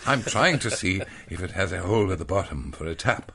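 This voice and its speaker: A man's voice: deep voice, expressive, fairly quick, gravelly, pushed and bright, a little hiss or hum, pitched below the performer's own voice, heavily acted. A man reading a storybook, voicing a flustered English village woman who speaks fussily and apologetically. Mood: fussy.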